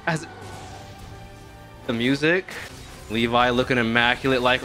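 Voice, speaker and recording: A young man hosting an anime reaction, talking in casual slang with some swearing, swinging from hushed awe to loud excited outbursts. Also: medium pitch, normal speed, faint music behind. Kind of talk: live reaction commentary.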